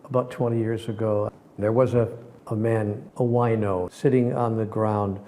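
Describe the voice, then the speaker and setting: A man, a spiritual teacher, telling personal stories in an animated way, acting out the people in them and sometimes dropping to a whisper. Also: fairly low pitch, normal speed. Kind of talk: storytelling talk.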